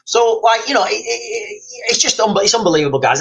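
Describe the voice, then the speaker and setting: A man's voice: on the high side, moderate pace, vocal fry, fairly bright tone, poor audio. A man hosting a casual livestream, rambling, repeating himself and reading out viewer comments. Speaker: livestream host. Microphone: streaming mic.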